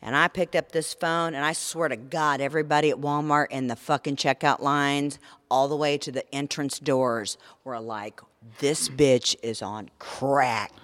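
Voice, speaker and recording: A woman's voice: sits low, moderate pace, few pauses, no room sound. Mom in her 40s telling a wild story on a podcast, cusses nonstop, dry close sound. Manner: profane, animated storyteller. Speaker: podcast co-host. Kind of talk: casual storytelling chat.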